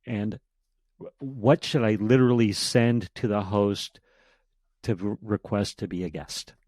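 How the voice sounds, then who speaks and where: A man talking casually as a podcast guest, animated and acting out sample emails as he tells stories. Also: lowish voice, measured pace, no room sound. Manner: animated storytelling, acts out emails in quotes. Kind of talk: casual interview chat.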